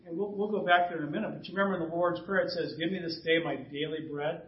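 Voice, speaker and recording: Male pastor, high voice, conversational sermon with throat clearing, dull echoey church sound. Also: fairly even intonation, fast talker, slight background noise. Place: church sanctuary. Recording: distant roomy church recording, dull sound.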